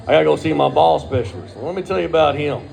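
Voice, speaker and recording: A man's voice: fairly high pitch, quick pace, vocal fry, darkish tone. A middle-aged man, telling a crude, profane personal story in a laid-back way.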